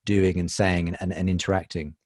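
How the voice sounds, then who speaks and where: Low, dry-voiced male podcast host. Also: level tone, a little fast, darkish tone, dry recording. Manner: inquisitive, conversational questioning. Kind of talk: podcast interview.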